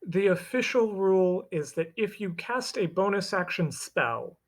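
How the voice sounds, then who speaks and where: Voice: medium pitch, lively intonation, a little slow. A player at a tabletop game who patiently explains the official rules to the group.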